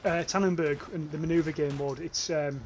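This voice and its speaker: Chatty northeast English gaming streamer. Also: male voice, on the high side, steady tone, normal speed, a little hiss or hum. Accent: northeast English, near North Yorkshire. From northeast England. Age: young adult. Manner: chatty, swears freely, restarts phrases, talks to chat. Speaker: gaming livestreamer. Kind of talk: casual live gameplay commentary.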